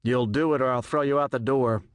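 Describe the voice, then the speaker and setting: A cold, ruthless general barking orders and threats, voiced by a male audiobook narrator. His mid-pitched voice is recorded close and dry. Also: fairly even intonation, a little fast, clear, resonant tone, no room sound, lightly acted. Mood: commanding.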